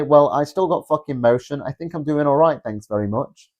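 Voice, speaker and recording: A man's voice: fairly high pitch, fairly quick, darkish tone. A man, hosting a live stream, reading viewer comments aloud in a rambling, sarcastic way and swearing often. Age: 20s. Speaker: livestream host.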